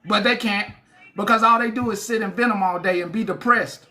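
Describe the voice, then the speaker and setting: A bright, sharp-toned voice addressing a livestream chat in a long monologue. The talk is coarse and mocking, circling back over the same jabs again and again. It has the close, informal sound of a phone held indoors at home. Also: medium pitch, brisk. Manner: profane, taunting, repetitive.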